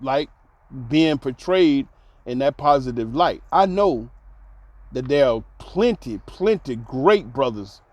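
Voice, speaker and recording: A man telling a personal story in a casual monologue, laughing often and dropping to soft low tones, repeating words for emphasis. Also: expressive, takes it slowly, no room sound, lo-fi sound. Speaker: host.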